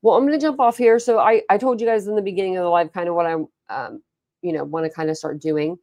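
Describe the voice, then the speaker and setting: Gravelly-voiced woman chatting on a livestream. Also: on the low side, quick pace, dark tone, dry recording, clean studio sound. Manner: rambling storytelling, chatty, reads and answers chat. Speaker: livestream host. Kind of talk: casual livestream chat.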